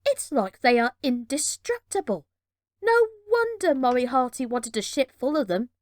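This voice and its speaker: A woman reading a children's adventure storybook aloud with measured, dramatic narration. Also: sits high, lively intonation, no room sound, clean studio sound.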